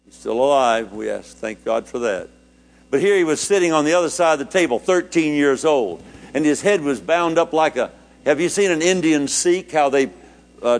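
An older man, preaching, recounts something from his own life, his voice swelling high with feeling at moments and dropping soft and low at others.

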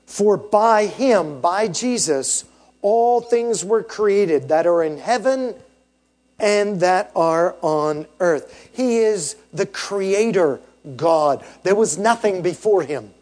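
A man preaching a sermon in a notably high voice. He speaks slowly and deliberately, stressing key words and checking in with "right?" after each point. His delivery is emphatic and teaching. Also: expressive, a little mellow. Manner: emphatic, asks the congregation rhetorical questions and tags "right?". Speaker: pastor.

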